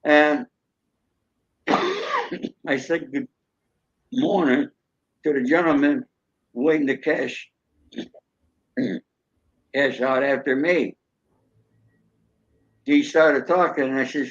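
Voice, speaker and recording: A man's voice: medium pitch, big pitch swings, takes it slowly, long pauses, breathy edge, lo-fi sound. An older man, a show guest, telling folksy stories and acting out cheerful greetings in a raised voice. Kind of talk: storytelling.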